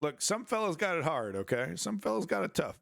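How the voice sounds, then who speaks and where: A man's voice: sits high, big pitch swings, a little fast, creaky, fairly bright tone, no room sound, clean studio sound. A man hosting a live-streamed news show, rambling through casual commentary with crude jokes and many restarts.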